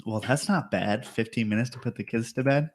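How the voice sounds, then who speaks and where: Guy cohosting a podcast, jokey and loose, laughs and swears a lot, middle pitch. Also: fairly quick. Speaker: podcast co-host. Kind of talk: loose joking outro chat.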